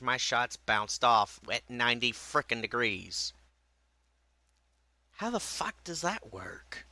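A man's voice: medium pitch, sharp tone, dry recording. A man giving casual, profane, sarcastic commentary while playing a game, muttering to himself between shots. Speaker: gameplay streamer.

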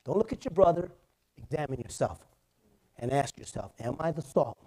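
A man's voice: a little high, animated, normal speed, mellow, breathy edge. A male pastor preaching in church, telling stories conversationally and building to emphatic points. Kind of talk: sermon.

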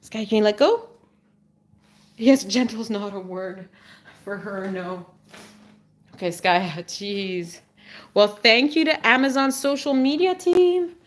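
A woman hosting a casual livestream, who talks to her dog in a high sing-song voice, drops low for asides and exclaims and laughs often. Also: lively intonation, slow, pauses often.

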